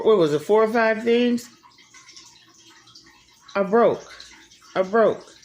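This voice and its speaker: This is a vlogger in their thirties recounting a story straight to camera, loose and casual. The voice carries a rough, creaky fry. They swear constantly and lean on repetition to drive a point home. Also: medium pitch. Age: 30s. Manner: profane, emphatic, repeats phrases for effect.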